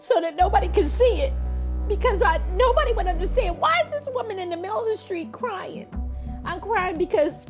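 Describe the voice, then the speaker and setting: Very high-voiced woman, emotional and faltering. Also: expressive, brisk. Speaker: bereaved mother. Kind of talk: documentary interview testimony. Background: faint music.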